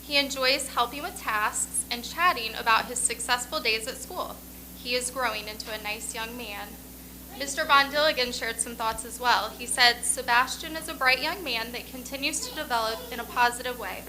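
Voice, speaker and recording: A woman on the school staff honors a student at a ceremony, reading colleagues' tributes and speaking to him with pride and encouragement. Her voice is fairly high, bright, and forceful, at a moderate pace. The recording is rough, with a little hiss or hum.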